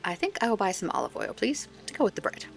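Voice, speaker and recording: A woman's voice: medium pitch, huge pitch swings, fast talker, vocal fry, soft background music, pitched above the performer's own voice. A woman voicing a polite, formal male journalist in a game, now and then flustered.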